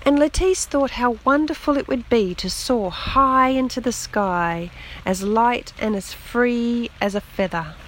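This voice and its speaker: A woman reads a children's picture book aloud, taking her time and lingering on each phrase. Her voice sits a little higher than average. Faint rain patters on the roof behind her. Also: slight background noise, poor audio. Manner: slow, gentle, expressive read-aloud. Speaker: storyteller. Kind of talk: children's story reading.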